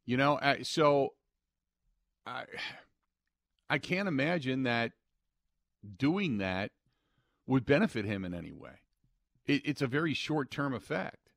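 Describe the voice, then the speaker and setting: A man's voice: mid-range voice, expressive, unhurried, vocal fry, long pauses, fairly bright tone, dry recording, clean studio sound. A man hosting a sports talk radio show, ranting emphatically and acting out what players might say. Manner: emphatic, opinionated, quotes imagined players.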